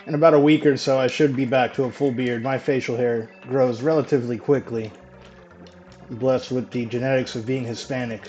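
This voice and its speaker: A man's voice: mid-range voice, darkish tone. A man streaming a video game live, chatting casually with viewers, swearing now and then and laughing easily. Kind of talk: casual live gameplay chat. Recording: dull lo-fi mic with faint music.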